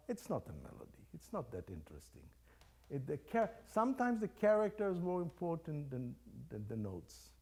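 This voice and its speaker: A man's voice: medium pitch, very animated, normal speed, a little mellow. An older man leading a music master class, coaching young players and singing phrases aloud to show them. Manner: sings phrases aloud to demonstrate, encouraging and playful. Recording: faint music behind the voice. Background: chamber music playing.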